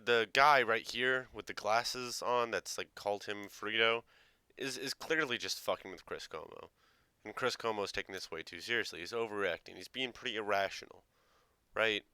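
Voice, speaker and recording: A man riffs sarcastically on a clip, cursing and mocking quotes. His voice is lowish yet bright and crisp. The close mic is dry. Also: normal speed, no echo. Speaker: reaction video host. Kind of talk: casual reaction commentary.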